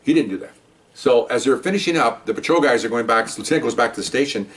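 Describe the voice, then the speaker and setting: A man's voice: medium pitch, fast, far from the mic. Heated older man telling a cop story. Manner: heated, animated, acts out quoted lines. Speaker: retired narcotics detective. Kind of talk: personal storytelling.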